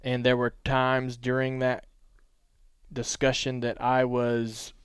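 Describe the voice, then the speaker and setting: A man hosting a podcast, telling stories in a relaxed, rambling way. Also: mid-range voice, slow pace, clean tone, no room sound. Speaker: podcast host. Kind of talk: casual podcast storytelling.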